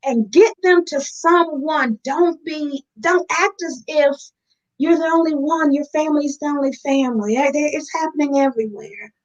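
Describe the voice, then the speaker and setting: A woman's voice: sits high, moderate pace, dull audio. A woman, speaking earnestly and from the heart as an interview guest. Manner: earnest, heartfelt, addresses listeners as y'all. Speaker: guest in recovery. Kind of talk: candid interview talk.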